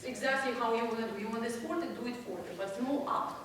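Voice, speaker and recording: A woman's voice: fairly high pitch, quick pace, noisy background. A woman piano teacher coaching a student in a masterclass, encouraging and laughing often, exaggerating to make her point. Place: recital hall with piano. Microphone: distant room mic. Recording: echoey hall from far off. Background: piano playing.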